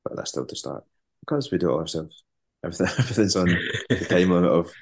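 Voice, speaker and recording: A man, a band musician, chatting as an interview guest, halting and repeating words with many fillers. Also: deep voice, lively intonation, vocal fry. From West African heritage. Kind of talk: casual interview chat.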